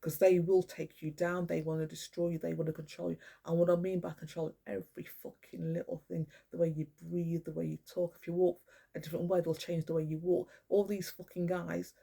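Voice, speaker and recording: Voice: mid-range voice, little pitch movement, gravelly, dark tone, husky. An older grandparent speaking in a rambling, emphatic monologue, swearing often and restarting sentences. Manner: profane, emphatic, repetitive; halting, with many restarts.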